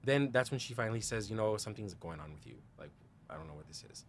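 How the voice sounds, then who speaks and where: A fairly low-pitched man with lively intonation speaks fast, with slight background noise behind him. Appearing as a podcast guest, he relates a personal story candidly, quotes others in dialogue, laughs often, and fills his speech with "like" and "you know."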